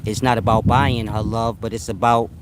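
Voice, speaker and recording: A man's voice: fairly low pitch, steady tone, normal speed, very noisy. A man giving profane, streetwise relationship advice in a casual monologue, breaking into laughter often. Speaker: advice vlogger.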